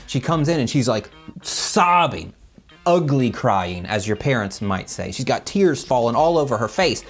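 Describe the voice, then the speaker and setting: Lively man telling kids a Bible story. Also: medium pitch, normal speed, slightly rough, soft background music. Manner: animated, explains to children and checks in with "okay?". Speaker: children's Bible teacher.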